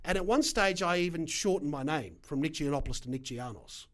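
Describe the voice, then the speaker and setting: A middle-aged Australian man with an Australian accent, a guest telling his story in an animated, emphatic way with punchy asides. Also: fairly high pitch, a little fast. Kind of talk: casual storytelling interview.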